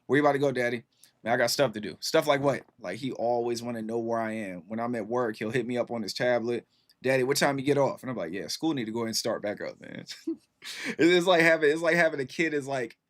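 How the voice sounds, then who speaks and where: Stream host, thirties man, easygoing and slangy, average pitch, chatty. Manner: laid-back, rambling, lots of fillers and slang. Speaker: livestream host. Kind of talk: casual chat with viewers.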